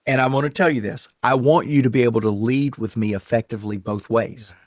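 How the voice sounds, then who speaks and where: A man's voice: medium pitch, steady tone, fairly quick, dry recording, clean studio sound. A man hosting a leadership podcast, telling stories in an earnest, emphatic way and repeating his key phrases. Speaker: podcast host.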